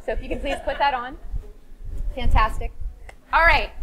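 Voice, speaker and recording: A woman telling a children's story to a live audience, animated and coaxing everyone to join in. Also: high-pitched, moderate pace, long pauses. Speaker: storyteller leading a workshop.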